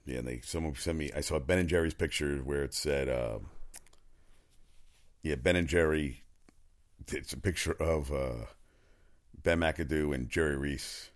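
Low-voiced male sports ranter, loose and profane, jumps between stories. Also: fairly even intonation, a little slow, long pauses. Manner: rambling, profane, opinionated, frequent restarts. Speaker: sports talk commentator. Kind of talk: casual sports commentary monologue.

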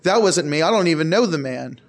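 A man's voice: fairly high pitch, expressive, a little fast. A man voicing a remorseful man who denies, then pleads, in his own voice. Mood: pleading.

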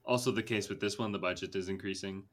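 This is a young male podcast host with a fairly low pitch and fairly even intonation, talking quickly. He keeps the movie chat casual and meandering, full of filler words and laughs.

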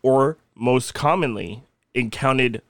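A man's voice: mid-range voice, takes it slowly, no echo, clean studio sound. A young man co-hosting a casual podcast, laughing often and swearing freely as he tells a spooky story. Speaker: podcast co-host.

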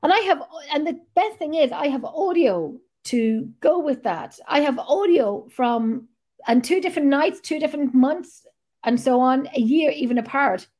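This is a middle-aged woman, hosting a casual chat. Her voice sits on the high side, and she rambles along and swears freely. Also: lively intonation, normal speed, a little mellow. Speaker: podcast host.

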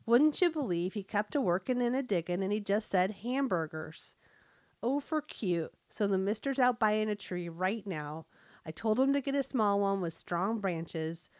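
A woman's voice: medium pitch, animated, moderate pace, no room sound, lightly acted. A woman voicing a cheerful, chatty small-town mom with a North Dakota accent, reading a comic story aloud. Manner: folksy, bubbly storytelling.

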